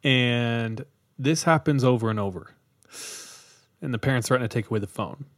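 A man's voice: medium pitch, moderate pace, no echo, studio quality. A man hosting a podcast, casually retelling a creepy story with quoted voices and easy jokes. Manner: laid-back, jokey, tells stories with quoted voices. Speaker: podcast host.

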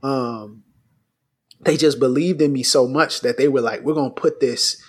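Husky-voiced man telling a story. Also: mid-range voice, normal speed. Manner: animated personal storytelling. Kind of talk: casual conversation.

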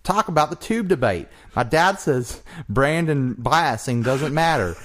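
A hammy, high-pitched Southern drawl, as a man puts on a Georgia listener. Every word is stretched into an exaggerated twang, and the voice is pushed loud. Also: expressive, measured pace. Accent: Southern US (put on). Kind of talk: reading a listener comment aloud.

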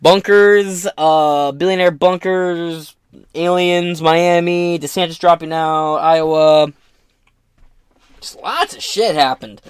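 A man's voice: on the high side, moderate pace, a bit bright, clean tone, no echo, studio quality. A man hosting his own podcast, giving casual political commentary in a profane, joking, rambling way. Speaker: podcast host.

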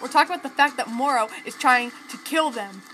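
A woman's voice: sits high, quick pace, background noise. A woman co-hosting a casual podcast, chatting and teasing with lots of giggles while reacting to a cartoon. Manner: giggly, teasing, laughs often. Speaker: podcast co-host.

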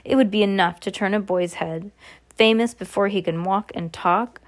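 A woman voicing a calm, wise old male wizard headmaster who speaks gently but firmly. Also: medium pitch, moderate pace, lightly acted. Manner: gentle, firm.

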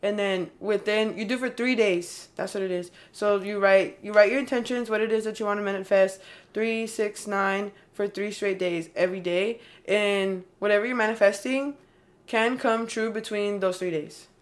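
A woman's voice: mid-range voice, fairly even intonation, moderate pace. Young adult woman, mid-range voice, loose rambling chat delivery full of fillers. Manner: rambling, heavy use of "like" and "um". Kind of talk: casual chat.

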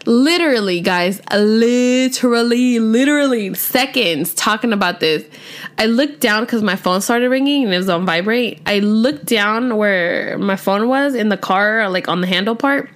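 A young woman, telling a storytime vlog in an animated, chatty way full of "like" and "literally". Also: a little high, measured pace. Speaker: vlogger.

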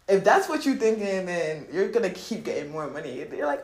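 A woman's voice: on the low side, very animated, fairly quick, few pauses, a little mellow, roomy sound. A woman hosting a podcast in casual spiritual talk about money, slangy and profane, laughing often and acting out voices. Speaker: podcast host.

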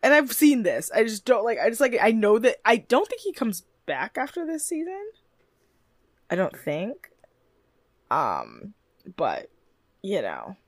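Woman co-host, chatty recap talk, animated pitch, dry close sound. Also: measured pace, long pauses, dry recording. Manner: chatty, swears, laughs, acts out quotes. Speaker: podcast co-host. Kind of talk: casual recap chat.

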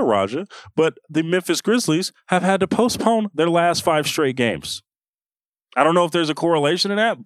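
Young guy on a podcast going off, pitch jumps all over, dry close mic. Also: a bit bright, no echo. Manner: impassioned, ranting with many restarts. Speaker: podcast co-host. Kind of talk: casual sports chat.

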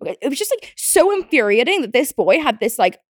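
A woman's voice: high-pitched, big pitch swings, brisk, no echo, clean studio sound. A young British woman hosting a podcast, chatting casually and ranting in a riled-up way, with lots of fillers, swearing and frequent laughter. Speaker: podcast host. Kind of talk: casual chat.

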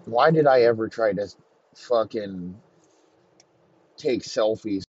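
A man's voice: on the low side, slow pace, slightly rough, muffled recording. A man voicing a nervous, scheming young woman who rambles and curses at herself in a comedy story. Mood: regretful. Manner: rambling, profane, self-scolding.

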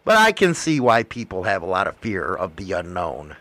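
A man's voice: sits low, huge pitch swings, moderate pace, sharp tone, no room sound. A man in casual chat, ranting bluntly and swearing constantly. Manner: blunt, heavily profane ranting.

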